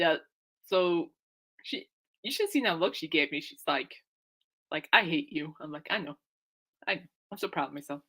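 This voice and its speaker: A young woman hosting her show tells a casual story, rambling along, laughing a lot and voicing what people said. Her pitch is on the low side, and her tone is sharp.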